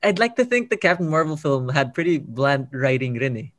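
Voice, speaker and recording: Male co-host, hesitant, slightly high voice, dry close recording. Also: big pitch swings, fairly quick, a bit bright, dry recording. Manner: hesitant, mixes in Tagalog words. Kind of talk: casual chat.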